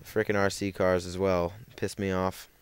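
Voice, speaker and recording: A man's voice: low-pitched, level tone, normal speed, clear, resonant tone. A young man telling a rambling story over gameplay, full of fillers and self-corrections. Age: young adult. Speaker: gaming commentator.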